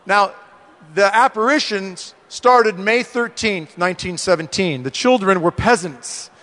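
A man's voice: high-pitched, measured pace, pushed and bright. A middle-aged man giving an earnest, storytelling talk to a men's gathering, speaking to them directly. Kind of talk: sermon-style testimony. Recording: long hall reverb.

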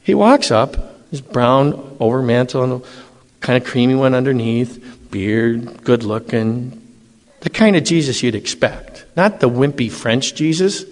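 A middle-aged man, a priest telling his own story with animated emphasis. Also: medium pitch, a little slow. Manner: animated, emphatic, acts out dialogue. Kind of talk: personal testimony storytelling. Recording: long hall reverb.

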